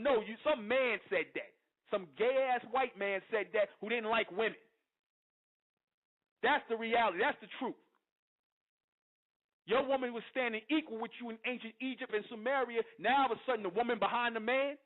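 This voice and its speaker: A man with a high-pitched voice hosts a radio show and rants in a fiery, confrontational way, often pressing listeners to agree. The audio is thin and phone-like. His delivery is preachy and forceful. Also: lively intonation, normal speed. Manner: preachy and confrontational, keeps asking "you understand?". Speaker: internet radio host. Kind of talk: fiery monologue. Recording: tinny phone-line audio.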